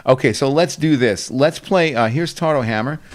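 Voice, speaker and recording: A man's voice: mid-range voice, normal speed. A man hosting a show, telling rambling stories in casual chat and laughing often. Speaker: show host.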